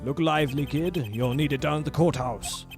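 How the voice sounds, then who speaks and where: A man voicing a gruff, bossy older male police chief who barks orders. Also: a little high, moderate pace, soft background music, voice pushed up. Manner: barking orders.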